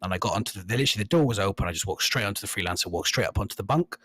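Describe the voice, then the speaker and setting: A man's voice: on the low side, racing, no echo. Rambling man, dry close mic. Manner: rambling, animated storytelling with frequent fillers. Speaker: podcast host. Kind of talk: casual gaming podcast chat.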